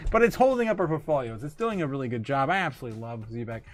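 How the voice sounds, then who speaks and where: A man's voice: medium pitch, lively intonation, rapid-fire. A man hosting a crypto livestream, casually reading out viewer comments with lots of laughter and filler words. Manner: laughs often, hesitant with many fillers.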